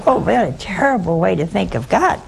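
A woman's voice: medium pitch, very animated, brisk, gravelly, noisy background. An older woman, a religious sister, giving a spiritual talk full of personal stories and rhetorical questions to her listeners.

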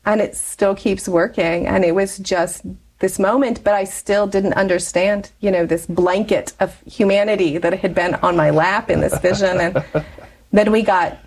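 A woman in her forties, a guest telling personal stories in a chatty, animated way with frequent laughs. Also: mid-range voice, moderate pace. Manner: chatty, animated storyteller who laughs often. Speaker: interview guest. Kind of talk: personal storytelling in conversation.

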